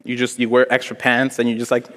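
A young man from Africa preaches to a congregation in a hall with a long, ringing reverb. He talks in a lively, joking way and puts on voices as he tells his story. His voice sits at a middling pitch. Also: fast. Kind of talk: sermon with storytelling. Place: church hall before a congregation.

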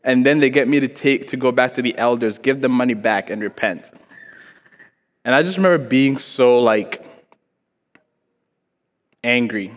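A young man from Africa giving an animated, joking sermon to a congregation, telling a story from his childhood and acting out the voices in it. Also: medium pitch, moderate pace, pauses often. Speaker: preacher. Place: church hall before a congregation. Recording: long hall reverb.

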